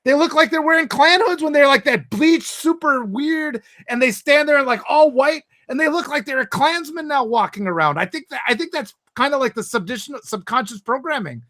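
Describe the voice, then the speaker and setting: A woman co-hosting a casual chat, talking in a rambling, animated way and laughing often. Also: high-pitched, a little fast, hardly any pauses.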